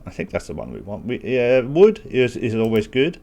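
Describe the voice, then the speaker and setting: A man's voice: mid-range voice, huge pitch swings, moderate pace, creaky, warm tone. A man hosting a gaming channel, talking casually through a strategy game walkthrough, thinking aloud with self-deprecating asides while he has the hiccups. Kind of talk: gameplay walkthrough commentary.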